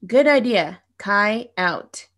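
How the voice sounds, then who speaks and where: A woman reading a science-fiction story aloud, voicing a brisk ship's doctor speaking over the comms. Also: mid-range voice, expressive, a bit bright. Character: ship's doctor on a spaceship comm.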